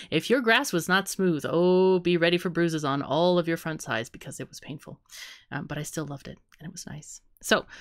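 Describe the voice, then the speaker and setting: A woman's voice: deep voice, no echo, clean studio sound. A woman co-hosting a podcast in casual chat, laughing often as she talks. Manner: laughs often, giggly and chatty. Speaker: podcast co-host.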